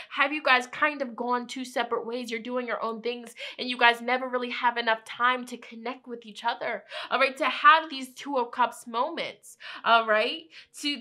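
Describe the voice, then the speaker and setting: A woman reads tarot cards in a bright, forceful voice that sits a little high. Her delivery is chatty and encouraging, and she keeps tossing in "okay?" and "you know" as she goes. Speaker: tarot reader. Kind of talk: upbeat tarot reading.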